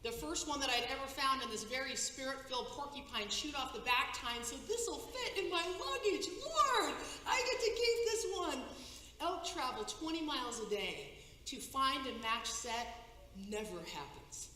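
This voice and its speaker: A woman giving a personal testimony on stage, telling a dramatic story with halting restarts and breathless pacing. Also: high voice, lively intonation, bright, forceful tone. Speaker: conference speaker. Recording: echoey hall, faint noise.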